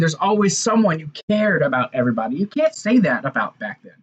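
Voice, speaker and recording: A man's voice: a little high, very animated, a little fast, few pauses, slightly rough, lo-fi sound. A man casually recapping and reviewing an old wrestling show, rambling conversationally with fillers and restarts.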